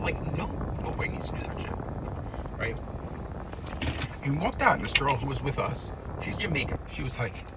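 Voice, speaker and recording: Profane New man ranting in a car. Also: fairly high pitch. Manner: profane, animated, exasperated storytelling. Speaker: vlogger. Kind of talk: casual ranting commentary while driving. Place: inside a car. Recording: lo-fi, distant, loud road noise.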